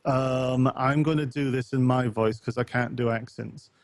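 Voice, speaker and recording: A man co-hosting a casual podcast, wandering through his thoughts with plenty of ums and dropping wry remarks. His voice sits at an average pitch. It is recorded close and dry, with no room sound. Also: fairly even intonation, measured pace, dry recording. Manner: rambling, many ums, reads a post aloud with wry asides. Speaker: podcast co-host.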